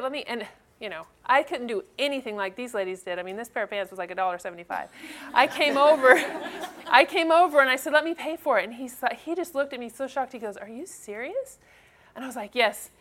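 A woman's voice: a little high, a bit bright. A middle-aged mother giving a casual church talk, chatty, with many fillers and frequent laughs. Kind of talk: personal storytelling talk.

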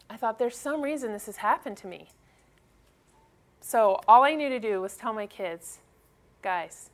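A middle-aged mother giving a casual church talk, chatty, with many fillers and frequent laughs. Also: fairly high pitch. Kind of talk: personal storytelling talk.

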